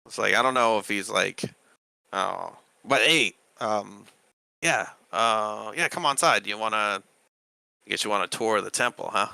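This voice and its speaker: Man doing a tired, grumbly dragonborn woman keeping a temple, bright-toned, casual rambling, dry close mic. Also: fairly low pitch, normal speed, gravelly, no echo, exaggerated voice, low-quality recording. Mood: friendly. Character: weary female dragonborn temple keeper. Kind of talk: tabletop role-play character voice.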